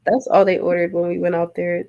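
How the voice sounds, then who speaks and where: A woman's voice: on the low side, flat delivery, vocal fry, dark tone, dull audio. A woman guest in casual podcast chat, telling her stories in a chatty way and laughing easily. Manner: chatty storyteller, quick to laugh.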